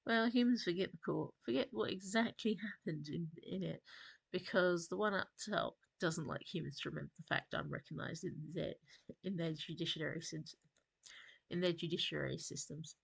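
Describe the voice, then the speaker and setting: A gravelly, husky-edged demon lord who sounds pleased with himself, put on by a woman narrating a storybook. His voice sits low, and his deals are read out slowly and deliberately. He speaks like a gruff operator who knows he holds the contract. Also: dry recording, full character voice. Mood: smug. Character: smug male demon dealmaker, gruff and boastful.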